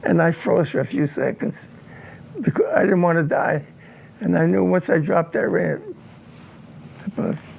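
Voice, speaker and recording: Older male veteran interviewee; raspy, fry-heavy voice sitting high; slow, halting, repeats words as he recounts the past. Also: darkish tone. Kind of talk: recounting a personal war memory in an interview.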